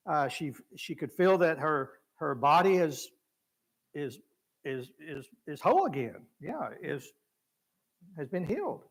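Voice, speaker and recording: In a church, a man with a fairly high, unhurried voice teaches a conversational Bible class. He acts out the voices of biblical figures with lively shifts and chuckles along the way.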